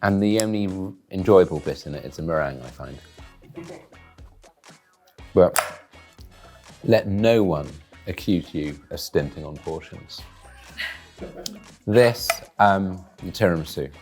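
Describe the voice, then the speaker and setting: A man giving deadpan, dry, wordy commentary while tasting food in a studio. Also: sits low, measured pace, long pauses, soft background music. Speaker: guest taste-testing food.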